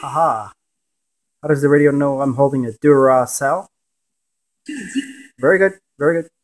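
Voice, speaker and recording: A paranormal investigator, a man, asks short questions on camera during a spirit box session and repeats back the answers he thinks he hears, often speaking low. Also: moderate pace.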